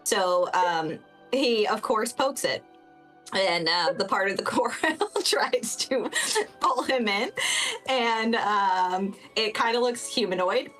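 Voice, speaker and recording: A woman's voice: medium pitch, takes it slowly, a bit bright, soft background music, rough recording. A woman giving a chatty, laughing recap of a tabletop game session, with many fillers.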